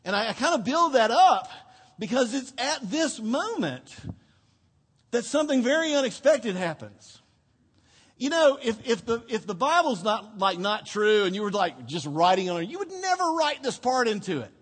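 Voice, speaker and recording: A male pastor preaching a sermon, telling the story expressively, dropping to a hush and then rising to emphasis. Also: very high voice, normal speed, husky. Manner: expressive storytelling, swinging between hushed and emphatic. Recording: long hall reverb.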